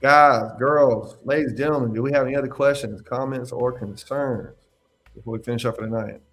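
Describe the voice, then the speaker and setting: A young man hosting a casual livestream Q&A as a mentor. He talks in an animated, slangy way, laughs often and repeats his phrases. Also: mid-range voice, brisk, faint music behind. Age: young adult. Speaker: independent adjuster mentor hosting a live Q&A.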